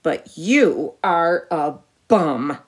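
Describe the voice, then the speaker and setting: Brave young princess, cheeky, eager exclamations, woman reading a storybook, lively pitch. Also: very slow, full character voice. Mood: sassy.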